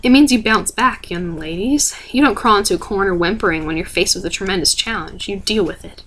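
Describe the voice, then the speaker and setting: A woman voicing a calm, cold middle-aged male scientist with a smooth voice, in a soft ASMR book reading. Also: medium pitch, fairly quick, a little hiss or hum, lightly acted. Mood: smoothly pleased.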